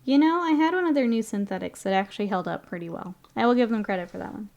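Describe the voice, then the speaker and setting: A woman's voice: fairly high pitch, animated, fast talker, darkish tone, dull audio. Chatty woman painting on a livestream. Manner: chatty, laughs often, reads chat aloud. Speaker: streamer painting miniatures. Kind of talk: casual livestream chat.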